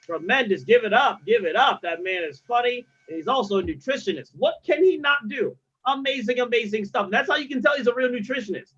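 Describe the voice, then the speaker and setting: High-voiced hype-man comedy host. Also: animated, fairly quick, few pauses, husky, dull audio. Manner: loud, playful emcee hype. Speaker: show host. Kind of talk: hyping comedians on a live stream.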